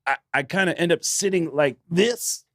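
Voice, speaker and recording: This male podcast co-host has a fairly high voice and a moderate pace, captured in a dry, studio-quality recording. He's animated as he tells a story in casual conversation, performing the quotes.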